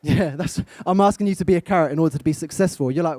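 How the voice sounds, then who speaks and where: Young english guy giving a pep talk on stage, bit high voice, dry sound, keeps asking the crowd stuff. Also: fast talker, warm tone, dry recording. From England. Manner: direct, coaching, asks the audience questions. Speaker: motivational speaker. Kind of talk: live motivational talk to a young audience. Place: event stage.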